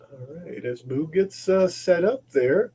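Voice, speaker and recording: A man's voice: fairly high pitch, lively intonation, unhurried, warm tone, husky. A man hosting a casual livestream from his maker shop, rambling and often repeating and restarting his words. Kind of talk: casual livestream chat while working.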